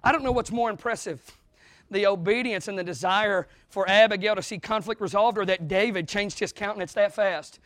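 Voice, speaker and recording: Male pastor, very high voice, dry close sound, sermon with loud bursts. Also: fairly quick, dry recording. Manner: preaching with sudden loud bursts and acted-out quotes. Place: church.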